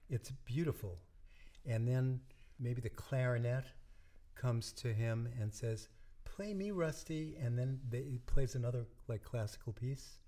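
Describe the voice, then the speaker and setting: An older man, a musician and dentist, chatting as an interview guest and telling stories in a relaxed way that often trails off softly. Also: mid-range voice. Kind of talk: casual interview talk.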